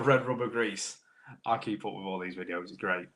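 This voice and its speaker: A British man, a car technician, hosting a live stream, chatting casually with viewers by name while clearing a sore throat. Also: lowish voice, moderate pace, bright, forceful tone. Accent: British English. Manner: chatty, matey banter, greets viewers by name. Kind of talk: casual live-stream chat reading comments.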